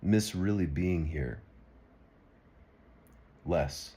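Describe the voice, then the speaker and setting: Deep husky man, rambling and earnest. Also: very slow, warm tone. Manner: rambling and earnest, with frequent restarts. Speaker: video blogger. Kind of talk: unscripted political monologue.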